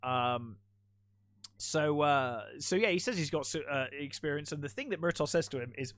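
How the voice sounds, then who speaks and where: A man's voice: fairly high pitch, moderate pace, a bit bright, no echo. A man co-hosting a podcast, chatting casually about a film, rambling with restarts and frequent laughs. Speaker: podcast co-host. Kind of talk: casual film review chat.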